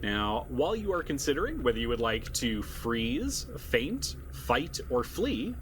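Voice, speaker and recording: A man narrating as game master in a playful, animated way. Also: medium pitch, a little slow, a little hiss or hum.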